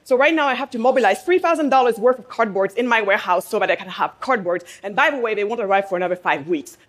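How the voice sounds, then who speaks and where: A woman business owner giving a passionate speech to a live audience in a room. She fires rhetorical questions, prompts listeners to answer, and stresses her points with pauses. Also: mid-range voice, expressive. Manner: emphatic, with pauses for effect.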